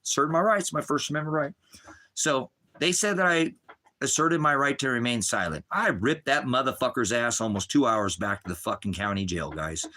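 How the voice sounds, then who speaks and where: Middle-aged man, bright edgy voice, rambling profane livestream rant. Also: medium pitch, normal speed.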